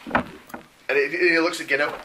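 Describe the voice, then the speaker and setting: A man's voice: fairly high pitch, fairly even intonation, unhurried. A man running a tabletop role-playing game as game master, rambling through the scene with fillers and restarts. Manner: rambling, with many fillers and self-corrections. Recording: noisy home recording.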